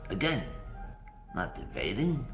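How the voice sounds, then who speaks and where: A man putting on a low, muttered impression of a puzzled male strongman leader. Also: huge pitch swings, a little slow, music in the background. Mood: baffled.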